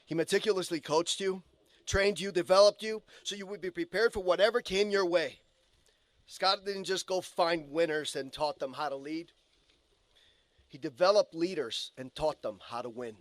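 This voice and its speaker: A man's voice: sits high, moderate pace, dry recording. A man delivering an earnest memorial eulogy for a colleague, telling stories and quoting the deceased. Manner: earnest storytelling with quoted asides. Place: funeral home chapel.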